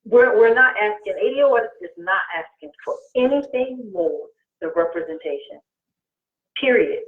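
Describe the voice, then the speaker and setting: A woman's voice: medium pitch, expressive, normal speed. Earnest woman on a tinny call. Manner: earnest, emphatic. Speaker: guest co-host. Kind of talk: casual political discussion. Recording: tinny roomy phone-like call audio.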